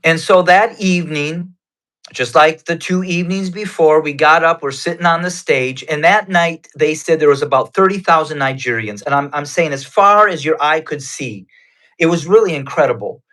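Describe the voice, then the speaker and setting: A man's voice: on the high side, a bit bright. A man giving his personal faith testimony as a guest, telling it in an earnest, conversational way. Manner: earnest, conversational, unhurried retelling.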